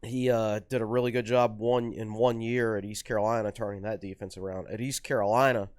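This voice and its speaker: Male co-host, low voice, dry close mic, chatty with lots of fillers. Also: steady tone, no room sound. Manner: conversational, halting with frequent fillers. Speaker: podcast co-host, sports writer. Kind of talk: casual podcast chat.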